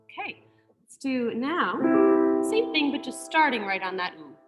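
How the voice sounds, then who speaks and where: Brief: woman choir teacher, lively pitch, gentle and encouraging, video call audio with a long room echo. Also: unhurried, loud music behind the voice. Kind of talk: online group singing lesson. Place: room with a piano.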